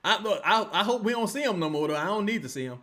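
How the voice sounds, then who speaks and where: A man commentates a basketball game live, swearing freely. His fairly high voice swings widely in pitch. He erupts into shouts, then sinks into low grumbling. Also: lively intonation, fast. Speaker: sports streamer reacting to a live game.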